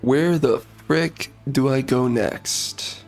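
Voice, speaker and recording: A man giving casual gameplay commentary, ranting bluntly in a hoarse voice and dropping mild minced swears. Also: medium pitch, extremely slow, a little mellow, faint music behind.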